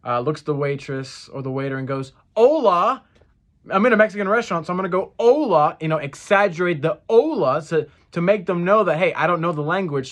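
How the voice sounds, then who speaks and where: Earnest young man teaching phrases slowly. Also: fairly high pitch, a bit bright. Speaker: church language teacher. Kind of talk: casual spoken lesson.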